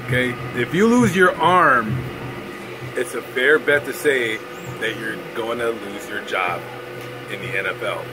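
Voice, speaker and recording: A man's voice: mid-range voice, unhurried, background noise. A man ranting casually into his camera, sarcastic and mocking, laughing at his own jokes. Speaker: vlogger.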